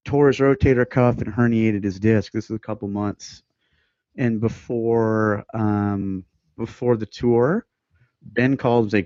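A man's voice: on the low side, fairly even intonation, darkish tone, no room sound. Casual man, rambling storyteller, dry muffled close-mic sound. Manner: laughing, rambling storyteller with quick asides. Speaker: guest musician. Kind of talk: casual podcast chat.

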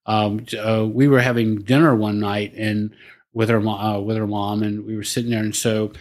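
A man's voice: fairly low pitch, little pitch movement, normal speed, darkish tone. An older man, a podcast guest and business coach, telling family stories in a rambling, casual way with many restarts and fillers. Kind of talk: casual storytelling.

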